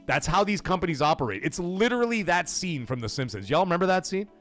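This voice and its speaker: A fired-up male host riffs on a live gaming stream, swearing freely and calling out chatters by name. His voice sits on the higher side and swings widely in pitch as he gets going, with faint music underneath. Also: very animated, fast talker. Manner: ranting, profane, greets chat by name.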